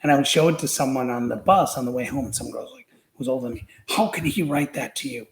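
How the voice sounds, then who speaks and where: A man talks through his memories as a podcast guest, circling back and restarting often. His voice sits at an ordinary middle pitch. The room around him rings with echo. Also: fast, gravelly. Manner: rambling, many fillers and restarts. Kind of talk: casual storytelling.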